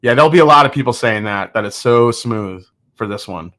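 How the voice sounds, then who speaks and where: A man in his thirties hosting a live whiskey-tasting stream, talking casually and candidly with viewers. His voice is bright and forward, at an average pitch for a man. He jokes often and restarts his sentences as he thinks aloud. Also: expressive, fairly quick. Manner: candid, joking, with frequent restarts and laughs.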